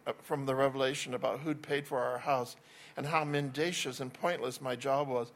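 A man reading a first-person novel aloud in a wry voice, with small slips and restarts. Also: medium pitch. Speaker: narrator.

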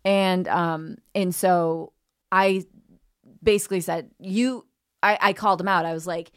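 A woman comedian telling a story on a podcast in a lively, profane way, acting out the people in it. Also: fairly low pitch, measured pace, clear, resonant tone. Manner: animated storyteller who swears freely and acts out quoted people. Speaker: guest comedian.

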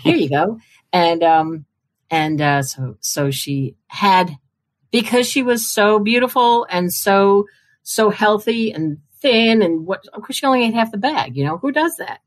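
A woman's voice: mid-range voice, a little slow. An older woman, a publishing marketing executive, telling stories in a casual chat and acting out the voices she quotes. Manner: chatty, acts out quoted voices. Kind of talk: casual storytelling in a conversation.

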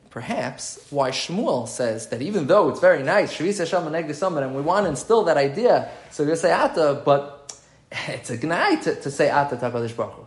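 A man's voice: fairly high pitch, echoey room. A man giving a Talmud lesson, reading Hebrew quotes and then explaining them. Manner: explains texts aloud, reads Hebrew quotes then translates, repeats phrases. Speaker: Torah teacher. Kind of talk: Talmud lecture.

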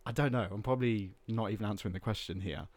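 A man's voice: on the low side, quick pace, darkish tone, no echo. A man, a podcast guest talking candidly and rambling, with plenty of filler words. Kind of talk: casual chat.

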